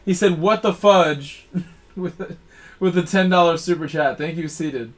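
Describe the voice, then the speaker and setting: A man's voice: fairly high pitch, normal speed. A man hosting a racing game live stream, casually thanking supporters and reading out long lists of viewer names.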